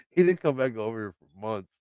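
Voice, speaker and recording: Deep-voiced man telling a casual live story. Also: expressive, fairly quick, clear, resonant tone, no echo, lo-fi sound. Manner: loose storytelling, swearing, acts out quotes. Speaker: livestream host. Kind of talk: casual live-stream chat. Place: home, by his laundry room.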